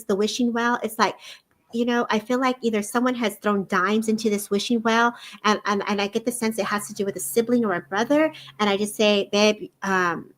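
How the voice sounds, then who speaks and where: A woman giving a psychic reading on a live stream over a video call, feeling her way with halting starts and restarts. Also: mid-range voice, a bit bright. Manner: halting, searching delivery with many restarts. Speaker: psychic medium.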